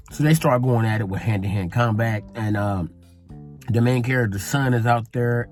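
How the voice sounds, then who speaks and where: A man's voice: on the low side, a little mellow. A man giving a casual, rambling movie review in a blunt manner and swearing freely.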